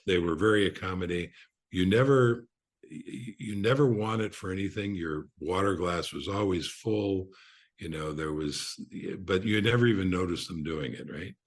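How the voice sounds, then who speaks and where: An older man with a notably deep voice shares stories as a podcast guest. His tone is husky, and he talks unhurriedly, with frequent fillers and restarts. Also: normal speed. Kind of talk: relaxed anecdote telling.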